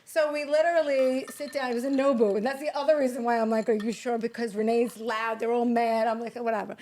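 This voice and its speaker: A woman in casual chat, telling a story briskly, quoting what others said and swearing casually. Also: on the high side, fairly even intonation, a little mellow, a little hiss or hum. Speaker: podcast guest.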